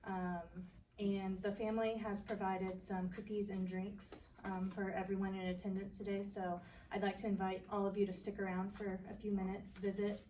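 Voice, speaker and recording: A woman gives the closing notes at a public ceremony in a steady, flat voice, pausing often on ums. She sounds distant from the microphone, with faint background ambience behind her. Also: mid-range voice, slight background noise. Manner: flat delivery with many ums. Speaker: ceremony organizer. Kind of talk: closing announcements.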